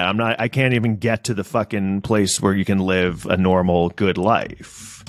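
Animated swearing man chatting. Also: low voice, normal speed, few pauses, no room sound. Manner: animated, swears, mimics people in quoted voices. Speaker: podcast co-host. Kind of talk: casual chat.

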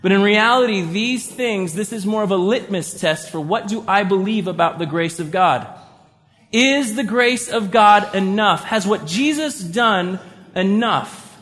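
Man, pastor, fairly high voice, conversational sermon, church hall echo. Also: measured pace, fairly bright tone. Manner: conversational preaching, acts out inner voices with sighs. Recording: long reverb of a church hall.

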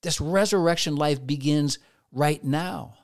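A man's voice: fairly high pitch, unhurried. A man who works as a therapist, giving a motivational faith talk, full of rhetorical questions and little acted-out inner voices.

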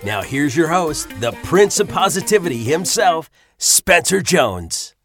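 Lively male announcer over music. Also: a little high, a little slow. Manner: announcer-style build-up. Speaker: show announcer. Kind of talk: scripted podcast intro.

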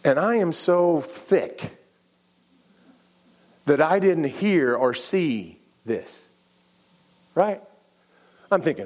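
Animated male pastor preaching. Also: a little high, drawn-out words, pauses often. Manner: animated and repetitive, many restarts, acts out dialogue. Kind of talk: sermon storytelling.

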